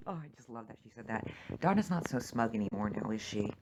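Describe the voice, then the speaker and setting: A man's voice: on the low side, lively intonation, fast talker, very noisy. A man ranting emotionally about a TV episode as he reacts to it, swearing and exclaiming often. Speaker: TV reaction vlogger.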